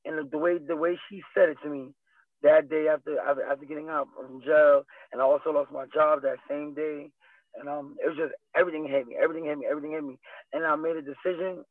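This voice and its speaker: A man's voice: fairly high pitch, steady tone, fast, dry recording. A young adult man speaking earnestly as an interview guest, rambling and repeating himself. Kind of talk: candid personal interview. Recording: dry, tinny phone-like line.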